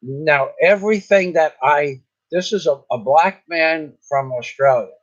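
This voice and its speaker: A man's voice: fairly high pitch, measured pace. An older man telling a long story in a casual, rambling way, often repeating himself and restarting his sentences. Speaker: vlogger. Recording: slightly dull lo-fi sound.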